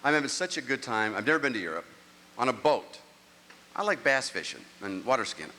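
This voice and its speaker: Stand-up comic, man, middle-aged, bright edgy voice, rambling self-mocking stories, live hall reverb. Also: medium pitch, sing-song, a little fast, a little hiss or hum. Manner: rambling, self-mocking storytelling with act-outs. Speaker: stand-up comedian. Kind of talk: stand-up comedy set. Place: large live venue, on stage. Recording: live show audio with long hall reverb.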